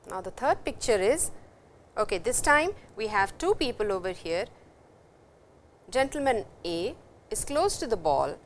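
A woman giving a recorded university language lecture, speaking slowly and patiently, repeating words and stressing how they sound. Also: medium pitch, slight background noise. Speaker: language teacher.

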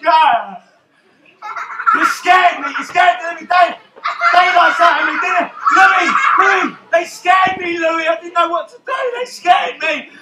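On a theatre stage, a male actor plays a swaggering, rum-loving pirate captain in a live children's show, theatrically teasing and calling out to the crowd. His voice is extremely high and animated at a normal speed, in an echoey room with heavy background noise.

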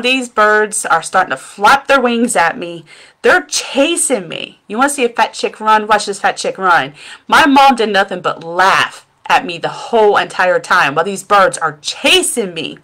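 At home before her webcam, a middle-aged makeup seller and vlogger tells a meandering, self-deprecating story and laughs at herself. Her mid-range voice has lively intonation, normal speed, and a pushed, bright quality, suited to a casual storytelling vlog.

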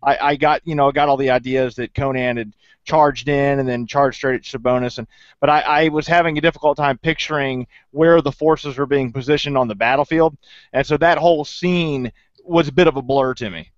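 A man co-hosting a podcast, talking in a halting way with restarts, then chuckling playfully in a casual book chat. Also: mid-range voice, fairly even intonation, dry recording. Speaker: podcast co-host. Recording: dry, dull lo-fi recording.

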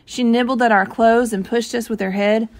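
A woman reading a novel aloud, telling the story gently and giving the characters light voices of their own. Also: fairly high pitch, fairly even intonation, moderate pace. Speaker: reader.

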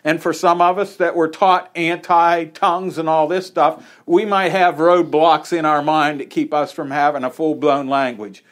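A man's voice: fairly high pitch, flat delivery, moderate pace, hardly any pauses, fairly bright tone. A man preaching an informal, conversational sermon in a small church, with folksy asides. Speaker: pastor.

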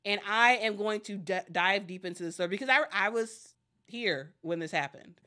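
A woman's voice: medium pitch, normal speed, bright, forceful tone. A woman hosting casual sports commentary, chatty and addressing viewers directly, often restarting her sentences.

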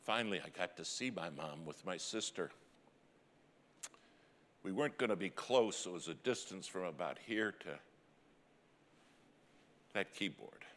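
A middle-aged man preaching a sermon as a dramatic story, swinging from loud cries to hushed, near-whispered lines. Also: low-pitched, lively intonation, a little slow, pauses often. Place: church sanctuary. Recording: long church hall reverb.

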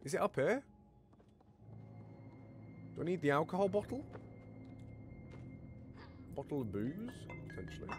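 A man's voice: a little high, unhurried, long pauses, music in the background. Guy doing let's play commentary, voice jumps all over, swears loads, chatters at the game. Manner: excitable and sweary, talks to himself and the game. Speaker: gamer playing with friends.

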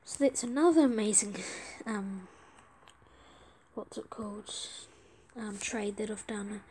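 A woman giving casual let's-play commentary, chatty and excitable, pleading with other players for trades. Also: mid-range voice, slow, husky. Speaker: gaming video creator.

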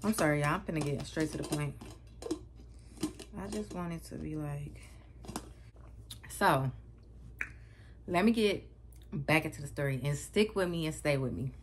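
A woman's voice: low-pitched, unhurried, pauses often, background noise. Brief: a woman vlogger on a storytime video, dramatic and slangy, speaking straight to her viewers. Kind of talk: storytime vlog.

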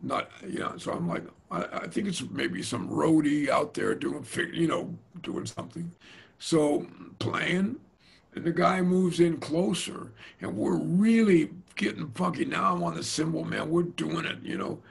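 Gravelly husky older man telling stories. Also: fairly high pitch, unhurried. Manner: animated storyteller, slangy and hip, mimics voices. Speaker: jazz drummer telling stories. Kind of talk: casual storytelling interview.

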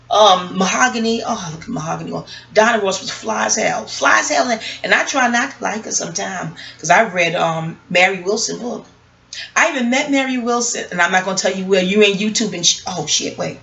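A woman's voice: mid-range voice, fairly bright tone. A woman giving rambling, profane commentary in a casual, scattered way, jumping from one thought to the next. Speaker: online commentator. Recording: audio-only home recording.

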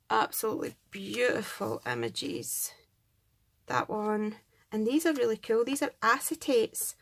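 A woman's voice: a little high, vocal fry, slight background noise. A Scottish woman hosting a craft channel, chatting to camera as she unboxes gifts and gushes over each one. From Scotland. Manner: gushing, chatty, thanks each sender warmly. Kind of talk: casual unboxing chat to camera.

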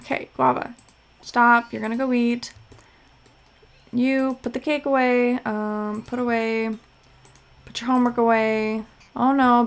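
A woman's voice: a little high, vocal fry. A young woman casually commenting as she plays a life-simulation game, chatty and scattered, bossing her game characters around. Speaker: let's play host.

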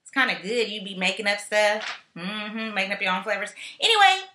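A woman's voice: medium pitch, expressive, brisk, noisy background. A woman vlogger chatting casually and playfully through a question tag video, with slangy asides. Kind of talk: casual chat. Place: home in California. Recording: echoey room.

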